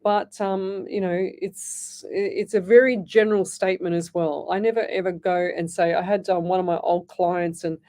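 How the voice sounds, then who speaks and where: This middle-aged Australian psychic medium hosts a live radio show, speaking with a fairly low, dark voice and fairly even intonation. She moves at a moderate pace with few pauses, reading out listener messages and replying in a rambling, chatty manner, frequently starting sentences over and addressing callers as "lovey."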